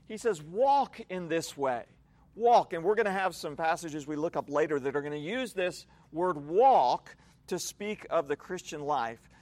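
A man preaching an evening sermon, explaining a passage in a measured, teacherly way. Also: high voice. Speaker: pastor. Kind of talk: expository sermon.

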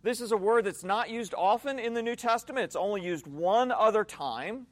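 A man preaching an evening sermon, explaining a passage in a measured, teacherly way. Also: sits high, dry recording. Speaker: pastor. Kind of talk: expository sermon.

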